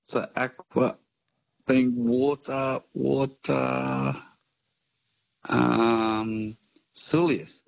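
A man calling a radio quiz, slowly and unsurely thinking his answer through aloud. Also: medium pitch, little pitch movement, vocal fry, poor audio. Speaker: caller. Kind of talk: casual phone-in quiz answer.

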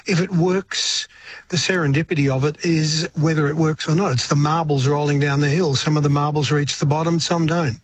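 An older Australian man, a musician guest, chatting in a relaxed, reflective way in a radio interview and often restarting his words. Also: a little high, fairly quick, husky, no echo.

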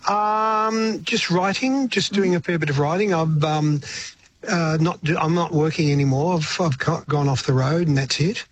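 A man's voice: fairly high pitch, moderate pace, slight background noise. An older Australian man, a musician, talking in a radio interview with frequent restarts and repeated words. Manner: rambling, repeats words, laughs often. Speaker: guest musician.

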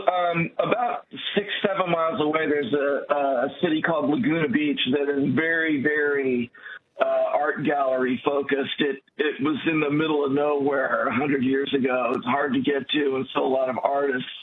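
A man from California calls in to a radio show and talks in a hesitant way, full of small fillers. His voice is slightly high and comes through a tinny phone line with faint background noise. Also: steady tone, moderate pace. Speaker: caller. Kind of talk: casual phone call.

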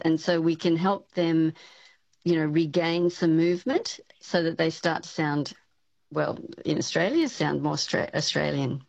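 A woman with a lowish voice, explaining patiently as an academic guest on a radio show, with plenty of "um" and "you know" as she works through her points. The sound is dry and a little dull, like a remote line. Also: unhurried, creaky, darkish tone, dry recording. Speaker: speech pathology professor, guest expert. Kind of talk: radio interview answers.

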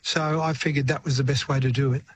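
A man's voice: mid-range voice, steady tone, fast, background noise. An older Australian man, a retired singer-songwriter, talking reflectively in a radio interview and often stumbling over his words.

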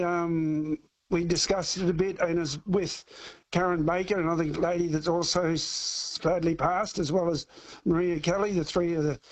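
A man calling in to a radio show, talking haltingly with many fillers and restarts. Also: high voice, low-quality recording. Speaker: caller. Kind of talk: casual call-in chat.

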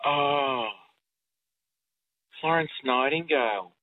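A man's voice: medium pitch, slow pace, no echo. A man, joking and stammering as he chats on a radio show by phone. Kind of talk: casual radio chat. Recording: tinny phone line.

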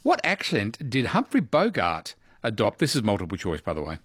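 A man's voice: on the low side, moderate pace, husky, dry recording, studio quality. A man hosting a radio quiz and chatting easily with callers. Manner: chatty, easygoing, lively intonation.

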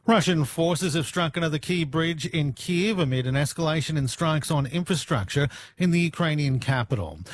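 Male newsreader, slightly high voice. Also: slight background noise. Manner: steady, measured delivery. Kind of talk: scripted news reading.

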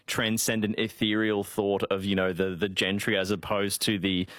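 A man chatting casually as co-host, animated and rambling with restarts. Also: lowish voice, moderate pace, no room sound, studio quality. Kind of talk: casual chat.

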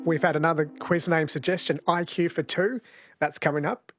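A man's voice: on the high side, fairly even intonation, normal speed, loud music behind the voice. Upbeat radio host, man. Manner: upbeat, playful presenter. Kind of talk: casual radio chat. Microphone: studio microphone.

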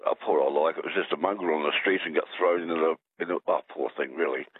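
A man's voice: very deep voice, fast talker, breathy edge, dry recording. An Australian man calling in to a radio show, rambling and jokey, with many restarts. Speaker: caller. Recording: tinny phone line.

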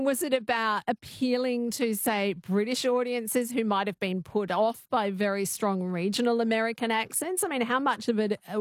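A woman's voice: a little high, dry recording, studio quality. A woman hosting a radio talk show, introducing topics and asking curious, conversational questions. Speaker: radio host.

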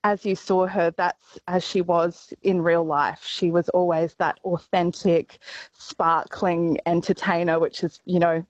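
A woman, a radio colleague, sharing memories in a tearful, hesitant way with many pauses. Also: fairly low pitch, flat delivery, dry recording, muffled recording.

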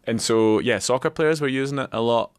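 A man's voice: medium pitch, a little fast, smooth, dry recording, studio quality. A man, co-hosting radio and rambling through casual explanations. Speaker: radio co-host.

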